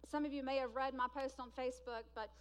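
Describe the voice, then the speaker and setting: A woman with a high voice preaches a sermon. She swings between loud, emphatic bursts and hushed lines that she draws out slowly for weight. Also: steady tone, clean tone.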